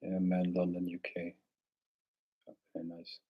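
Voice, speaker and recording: A man hosting a casual livestream, answering viewer questions in a relaxed, rambling way with frequent restarts. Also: low voice, unhurried, narrow, tinny audio.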